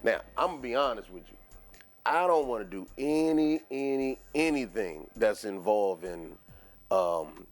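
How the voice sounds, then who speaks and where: A man's voice: fairly low pitch, lively intonation, a little slow, soft background music. A man hosting a casual sports podcast, rambling through his points with many fillers and frequent laughter. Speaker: podcast host.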